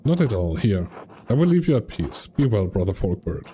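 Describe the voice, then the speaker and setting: A man's voice: on the low side, big pitch swings, moderate pace, dark tone, a little hiss or hum. A man voicing an earnest, polite male scholar who is determined to find the truth.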